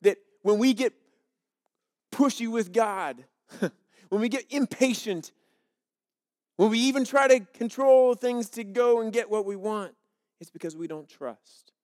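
A man's voice: high-pitched, measured pace, long pauses, a little mellow. A pastor preaching a sermon in a conversational, storytelling way, often restarting his sentences.

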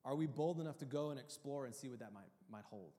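Man preaching a heartfelt sermon in a reverberant hall. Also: fast talker. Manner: earnest, emotional, swings from hushed to loud and high. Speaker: pastor.

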